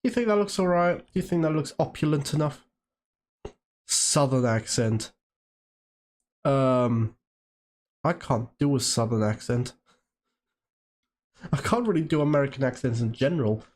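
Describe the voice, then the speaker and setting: A man's voice: medium pitch, expressive, unhurried, long pauses, a little mellow. A man from Great Britain and Germany chatting casually on a live stream, rambling while he works and answering viewers' questions.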